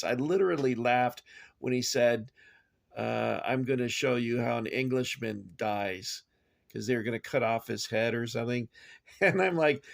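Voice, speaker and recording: An older American man who collects toys reviews them in a gravelly, mid-range voice. He's chatty and digressive, wandering off on tangents and using plenty of filler words.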